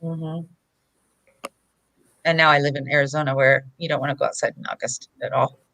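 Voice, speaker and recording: A woman's voice: low voice, steady tone, fairly quick, sharp tone, no echo. A woman chatting casually with friends, laughing often. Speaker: co-host reading chat. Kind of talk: casual chat.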